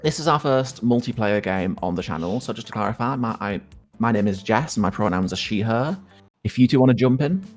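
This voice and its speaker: A woman hosting a game session with friends, reading out the game's narration in a playful, lively way. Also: a bass voice, brisk, soft background music. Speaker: host.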